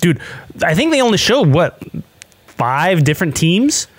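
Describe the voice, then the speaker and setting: A man co-hosting a casual movie podcast, rambling through long retellings full of fillers. His voice sits a little high for a man and sounds close and dry. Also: sing-song, measured pace, dry recording. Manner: rambling, laughs while retelling jokes.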